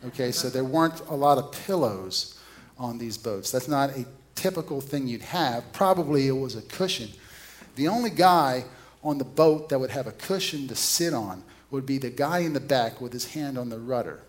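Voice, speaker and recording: A man's voice: mid-range voice, expressive, moderate pace. Conversational man preaching a sermon. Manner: storytelling, asks the listeners questions.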